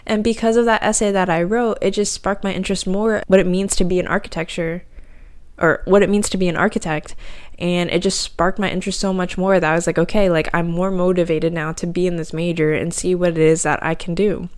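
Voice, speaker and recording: A woman's voice: lowish voice, steady tone, a little fast, smooth. A young woman hosting a faith podcast, telling a personal story in casual, emotional speech full of fillers. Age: young adult. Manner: emotional, tearful at times, filler-heavy casual talk. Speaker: podcast host. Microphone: home podcast mic.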